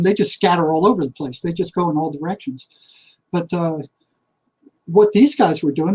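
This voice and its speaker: An older man, a retired therapist, telling a personal story in a casual, halting way, repeating words and acting out the voices in his head. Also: high voice, a little mellow, husky, low-quality recording. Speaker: retired psychotherapist.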